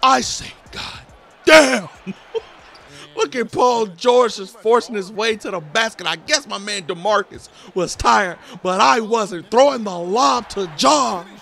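Boastful high gravelly young man. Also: animated, unhurried, hardly any pauses, fairly bright tone, faint music behind. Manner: boastful trash talk, slips into sing-song. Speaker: gaming YouTuber. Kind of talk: hyped gameplay commentary.

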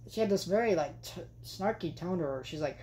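A woman's voice: fairly low pitch, expressive, fairly quick, mellow. A young adult woman reviewing a film in a vlog, chatty and exasperated, with lots of fillers. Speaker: movie vlogger. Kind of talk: casual movie review rant.

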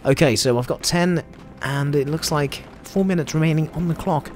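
A man's voice: fairly high pitch, normal speed, soft background music. A man with an Australian accent giving chatty, jokey commentary over his own gameplay. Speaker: gameplay video host.

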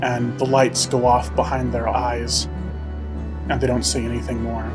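A man's voice: mid-range voice, little pitch movement, a little slow, over music. A man running a tabletop game as game master, narrating scenes in a descriptive way with frequent filler words.

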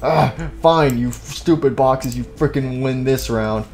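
Brief: man voicing a boastful nightmare animatronic rabbit villain, mellow tone, gloating. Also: mid-range voice, takes it slowly, natural voice. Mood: frustrated.

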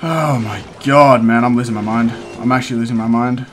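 A man's voice: mid-range voice, steady tone, soft background music. Young man commenting on his own gameplay. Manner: talks to himself while playing, quick swings into frustrated outbursts. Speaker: gaming content creator.

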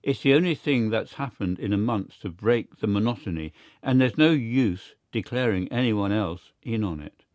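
A man voicing a cool, confident male secret service agent who talks briskly and matter-of-factly. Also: on the low side, darkish tone, no room sound, studio quality, lightly acted.

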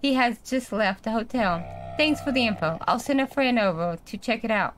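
A woman voicing a calm, businesslike male police detective, reading his lines in a lowered voice from a horror game. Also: moderate pace, faint music behind, lightly acted. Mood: polite.

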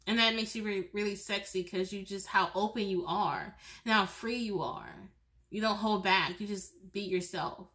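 A woman with a bright, forward voice gives a pick-a-card tarot reading. She talks straight to the viewer in a loose, chatty way, often restarting her sentences and breaking into laughs. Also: mid-range voice, normal speed. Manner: speaks directly to the viewer. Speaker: tarot reader.

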